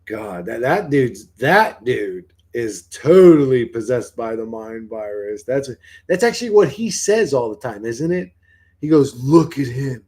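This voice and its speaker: A man's voice: mid-range voice, animated, a little slow, a little mellow. A man hosting his own livestream, talking to his viewers in a blunt, rambling way that is full of swearing. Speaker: livestream host.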